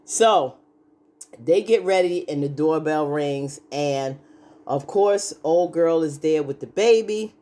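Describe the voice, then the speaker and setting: A woman's voice: deep voice, slow pace, dark tone. A woman giving a casual, chatty recap of a TV episode, full of "you know" fillers and acted-out lines from the characters. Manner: acts out characters' lines while retelling. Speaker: show recap host.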